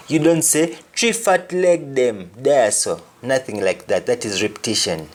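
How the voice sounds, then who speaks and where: A male teacher walks through a language lesson at a slow, measured pace. His voice sits at an ordinary middle pitch. He repeats each example phrase twice before he explains it. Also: animated.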